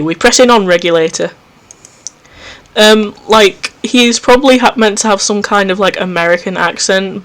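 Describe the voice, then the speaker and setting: Reading a visual novel aloud in a let's play recorded at home, this man breaks in often with jumpy remarks that poke fun at himself. His voice is high and a bit bright.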